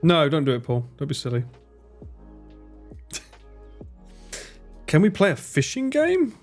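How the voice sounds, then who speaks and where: Excitable man, lively swearing streamer. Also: on the high side, slow pace, soft background music. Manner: excitable, swears a lot, laughs often. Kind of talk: casual gameplay commentary.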